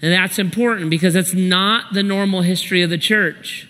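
A middle-aged man preaching with a high, bright voice that sits well above most men's. He drives his points home through repetition and direct address. The sound carries a long hall reverb. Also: fairly even intonation, normal speed. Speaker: pastor. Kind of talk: sermon with storytelling.

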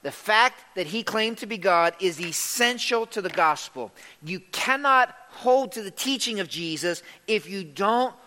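A man preaching a sermon as pastor, emphatic and swinging between loud and hushed delivery. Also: high-pitched, expressive, measured pace, hardly any pauses, in a large hall.

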